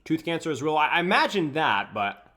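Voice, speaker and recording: Young man, game coach, live-stream chat, slightly high voice, relaxed, talking while eating, dishes clattering. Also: fairly quick.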